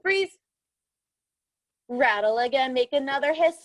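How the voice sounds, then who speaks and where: Young woman, kids yoga instructor; high, unhurried, sing-song and encouraging, dry close sound. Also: a bit bright, no room sound, poor audio. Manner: cheerful, encouraging, sing-song cues to children. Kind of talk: guided kids yoga class. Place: outdoors in a yard.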